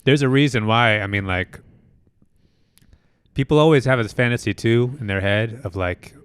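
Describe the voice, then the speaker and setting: A man's voice: medium pitch, moderate pace, clean tone, no room sound. A man hosting a podcast in casual chat, talking things through with many restarts and easy laughs. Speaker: podcast host.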